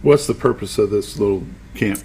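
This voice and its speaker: Gravelly male morning show host. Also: lowish voice, moderate pace, mellow, a little hiss or hum. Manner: joking, easygoing. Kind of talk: TV studio hosting and interview.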